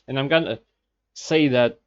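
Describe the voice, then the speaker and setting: A man's voice: medium pitch, measured pace. A man reacting casually to a video and dismissing what he sees with dry, skeptical remarks. His voice sounds slightly dull and lo-fi. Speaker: reaction streamer.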